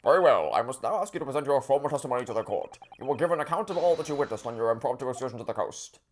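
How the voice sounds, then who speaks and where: Guy putting on a polite old judge voice, fast and bouncy, kinda formal. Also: medium pitch, slight background noise, natural voice. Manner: formal, lively courtroom delivery. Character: stately older male judge, genial and courteous.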